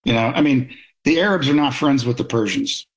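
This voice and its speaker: A man recounting his military days in a loose, anecdotal way, often circling back and restarting his sentences. His voice sits at an ordinary middle pitch. He talks like a guest sharing stories in a casual interview. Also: brisk, low-quality recording. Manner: anecdotal, many restarts and fillers.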